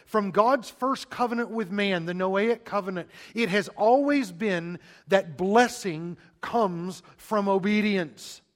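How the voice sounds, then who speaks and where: A man preaching a sermon, calling listeners "beloved" and asking rhetorical questions, swinging from loud emphasis to a hushed near-whisper with long dramatic pauses. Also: sits high. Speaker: pastor.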